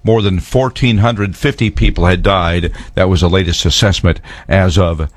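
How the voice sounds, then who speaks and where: A man reading the news on the radio in a measured, formal way. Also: low voice, steady tone, no room sound. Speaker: news anchor. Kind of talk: radio newscast.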